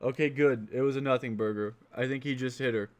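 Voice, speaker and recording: A man's voice: medium pitch, steady tone, brisk. A man commenting casually and offhandedly on a live stream while playing a game. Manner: joking, offhand.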